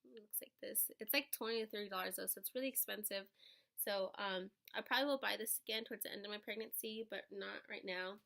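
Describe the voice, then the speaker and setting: Young woman vlogger, bright gravelly voice, chatty and giggly, casual pregnancy update. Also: medium pitch, steady tone, fast. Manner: chatty, rambling, laughs often.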